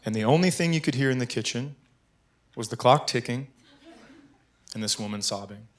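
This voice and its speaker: A man doing stand-up, telling a story about his son on a comedy club stage and bursting into shouts at punchlines. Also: medium pitch, expressive, moderate pace.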